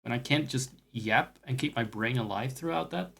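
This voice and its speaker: A man at a middle pitch chats loosely while he plays games on stream. He drifts from topic to topic, swears freely, and pokes fun at himself as he goes. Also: normal speed, vocal fry, a bit bright, breathy edge. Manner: rambling and profane, with self-mocking asides. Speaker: game streamer. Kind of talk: casual chat while gaming.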